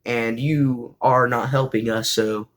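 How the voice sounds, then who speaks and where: A man voicing a bossy young woman who speaks in a flat, curt way. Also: medium pitch, slow pace. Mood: curt dismissive. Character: bossy young rental girlfriend.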